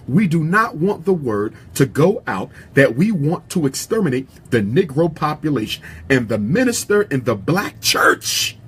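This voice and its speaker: Husky man delivering an impassioned speech. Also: high-pitched. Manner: repeats lines for emphasis, preacher-like cadence. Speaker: public speaker.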